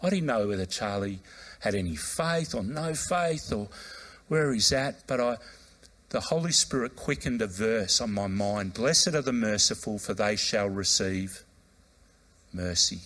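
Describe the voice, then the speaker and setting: A man's voice: fairly low pitch, measured pace. A man, a pastor preaching a sermon, telling a personal story and acting out the voices in it. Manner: animated, acts out quoted voices, loud outbursts when retelling.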